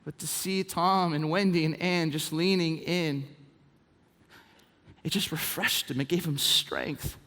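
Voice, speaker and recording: A man preaching a sermon as pastor, telling stories in an animated way, swinging from hushed to exclaiming. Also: on the high side, unhurried. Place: church auditorium. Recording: reverb from a large hall.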